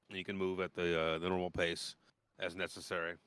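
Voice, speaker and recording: A man's voice: low-pitched, level tone, a little fast, a bit bright, clean tone, dry recording. A man narrating a tabletop game as dungeon master, in a loose, rambling way with many fillers.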